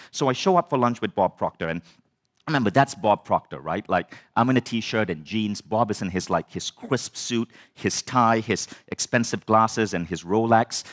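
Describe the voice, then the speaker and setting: A man telling a personal story as a personal growth speaker, animated, swearing and acting out the dialogue. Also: fairly low pitch, moderate pace. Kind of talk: storytelling talk.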